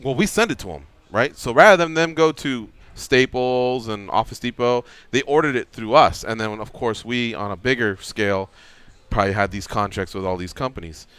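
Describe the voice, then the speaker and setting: A man's voice: medium pitch, moderate pace, smooth, no room sound. A middle-aged man hosting a radio show, telling a story casually and acting out the quotes. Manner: animated storyteller, acts out quotes.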